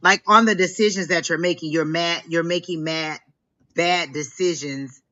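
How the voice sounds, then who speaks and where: Bright-toned woman giving a rambling psychic reading. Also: fairly low pitch, steady tone, normal speed, highs cut off. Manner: rambling, heavy use of "like". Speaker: psychic reader and co-host. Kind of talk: live-stream psychic reading.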